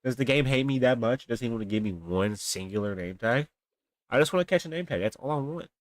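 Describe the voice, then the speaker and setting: A man's voice: mid-range voice, fairly quick, dry recording. A young man livestreaming a game, chatting casually with viewers and grumbling and exaggerating about his luck. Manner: animated, talks to chat, grumbles and exaggerates. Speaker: livestreaming gamer. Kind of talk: casual live game commentary. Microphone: desk mic, webcam stream.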